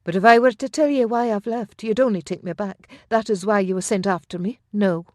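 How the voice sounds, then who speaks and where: A woman voicing a fiery young noblewoman, defiant, sharp and scornful. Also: mid-range voice, a little fast, no echo, clean studio sound, voice pushed up, lightly acted. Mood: wary.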